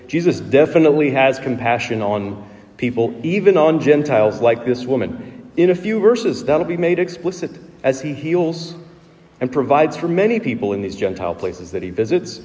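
A man's voice: medium pitch, darkish tone, big-room sound. A man preaching a sermon as pastor, explaining the text in a conversational teaching way and posing rhetorical questions. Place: church sanctuary.

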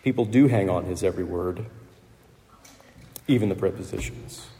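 Male preacher, low mellow voice, conversational sermon, long hall echo. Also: normal speed. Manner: conversational, with fillers and light laughs.

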